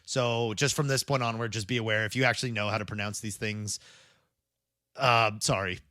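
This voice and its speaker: A man's voice: on the low side, steady tone, a little fast, bright, forceful tone, dry recording, clean studio sound. A young adult man co-hosting a podcast in casual chat, rambling, laughing often and poking fun at himself. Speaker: podcast co-host.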